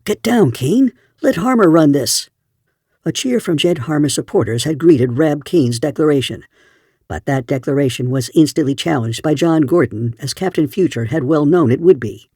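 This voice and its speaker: A man narrating an audiobook in a steady storytelling voice. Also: a little high, normal speed, no room sound, studio quality. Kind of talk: scripted narration.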